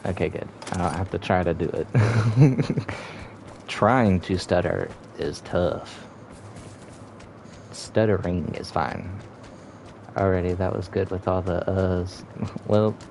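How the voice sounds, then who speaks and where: A man's voice: sits low, takes it slowly, creaky, long pauses, darkish tone, slight background noise. A young man streaming a game, giving laid-back casual commentary and humming between remarks.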